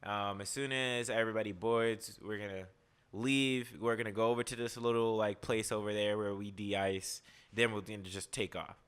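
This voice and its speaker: A man voicing a relaxed, slangy male airline pilot making offhand announcements in a comic podcast retelling. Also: on the low side, moderate pace, clean tone, close to an everyday voice. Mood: laid-back. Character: laid-back casual male airline pilot.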